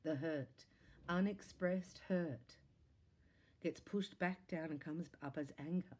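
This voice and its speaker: Speaking straight to her viewers on camera, a woman who reads tarot delivers a psychic, spiritual reading in a low-pitched voice that is warm and mellow. She chats excitably throughout, breaking into laughs and tossing out quick exclamations.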